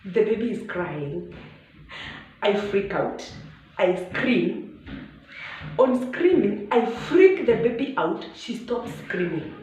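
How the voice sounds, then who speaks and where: A Kenyan woman in her thirties, a vlogger telling a personal story in an animated way, acting out shouts and dropping to hushed asides, with Swahili words mixed in. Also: medium pitch, slow pace, pauses often. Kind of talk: storytelling vlog. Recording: very echoey room, faint background noise.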